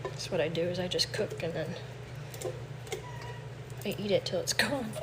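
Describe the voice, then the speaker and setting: A woman's voice: on the low side, moderate pace, very noisy. A woman chatting casually on a livestream from her home kitchen, talking to viewers. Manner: chatty, coos baby talk to her cat. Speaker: livestream host.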